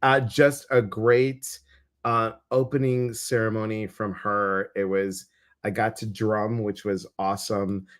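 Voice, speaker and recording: A man's voice: fairly low pitch, level tone, slow, a bit bright. A man with a Chicago accent hosting a casual live stream as a psychic medium, playful and rambling with many fillers.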